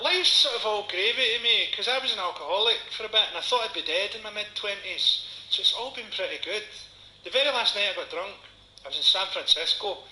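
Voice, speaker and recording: A Scottish man in his forties doing a stand-up comedy set, with a dry, sardonic delivery and dark punchlines. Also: sits high, animated, brisk. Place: comedy venue before a live audience. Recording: echoey venue with audience noise.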